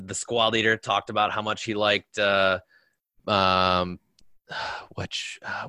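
A man's voice: on the low side, pushed and bright, no room sound. A man, a military veteran guest, telling stories in casual conversation with many fillers.

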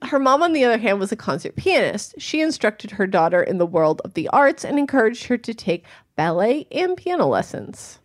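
A woman's voice: a little high, sing-song, moderate pace, hardly any pauses. A woman co-hosting a casual podcast chat, joking around and laughing often as she tells the story. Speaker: podcast co-host.

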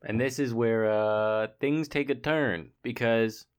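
A man's voice: mid-range voice, slow pace, clean tone. A man co-hosting a podcast, laid-back and joking as he recaps a movie plot. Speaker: podcast co-host. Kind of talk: casual movie review chat.

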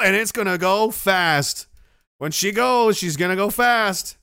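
A man from Nova Scotia hosts a casual livestream and talks loosely in a rambling, profane, joking way. His voice sits a bit high and sounds bright and forward. The recording is dry and close, with no room sound. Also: a little slow, clean tone, dry recording. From Nova Scotia, Canada. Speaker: livestream host. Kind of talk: casual livestream chat reading viewer messages.

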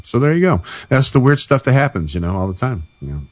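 A man's voice: medium pitch, quick pace, no echo. A man chatting casually about paranormal experiences and telling anecdotes, acting out the people he quotes. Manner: storytelling, animated quoting of others. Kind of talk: casual chat.

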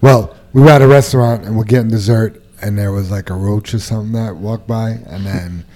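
Mellow-voiced man, chatty co-host. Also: fairly low pitch, steady tone, fairly quick. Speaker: podcast co-host reading company announcements. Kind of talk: casual chat.

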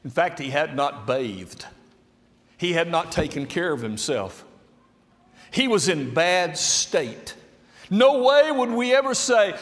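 A man preaching a sermon at a very slow, measured pace, his pitch leaping around with lively emphasis. His voice sits a little high for a man and rings with a long hall reverb. He swings from hushed, low phrases to loud, emphatic peaks.

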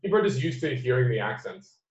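Talking fast in a sing-song, medium-pitched voice, this American podcast host keeps the chat casual and blunt, cursing often and laughing readily. The sound is lo-fi, dull, and roomy.

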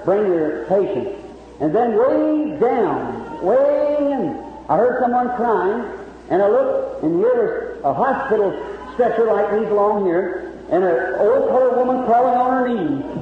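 Man, evangelist, fervent storyteller, plain rural grammar, high voice, thin lo-fi sound. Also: slight background noise. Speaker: evangelist preacher. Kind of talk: revival sermon testimony. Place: large meeting hall with audience. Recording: lo-fi old hall recording.

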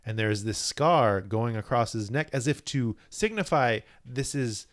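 A man's voice: medium pitch, animated, unhurried. A man co-hosting a casual comic book podcast, eagerly explaining story details and laughing often. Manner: enthusiastic, explains lore with laughs. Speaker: podcast co-host.

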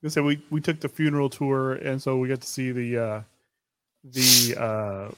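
A man's voice: mid-range voice, level tone, normal speed, background noise. A man co-hosting a podcast, telling rambling stories in casual chat and laughing often. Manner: rambling, laughing storyteller with restarts. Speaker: podcast co-host.

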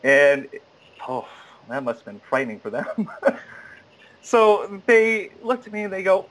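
In an unhurried, casual account captured on a rough recording, a guest tells of an audition. He brings the quoted lines to life with sudden leaps into a high register, though he often stammers and begins again.

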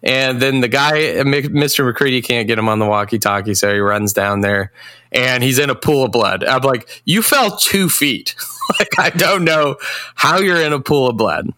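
A man's voice: mid-range voice, normal speed, bright, forceful tone, no room sound. A man in casual chat, recapping a movie plot in a rambling way, laughing and acting out lines in voices. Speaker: podcast co-host.

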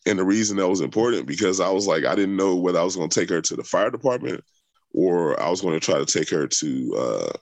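A man's voice: low-pitched, lively intonation, fast talker, no room sound. A young adult man telling a long personal story in conversation, rambling with many fillers and restarts. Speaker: interviewee.

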